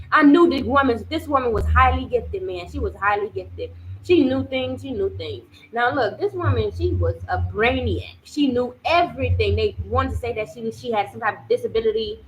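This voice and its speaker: A woman's voice: fairly high pitch, a little hiss or hum, rough recording. A young woman telling a personal story in a casual, rambling way, with many fillers and repeated phrases. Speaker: vlogger.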